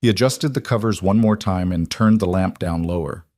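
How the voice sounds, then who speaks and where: A man narrating a story in a calm, measured storytelling manner. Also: low-pitched. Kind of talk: scripted audiobook narration.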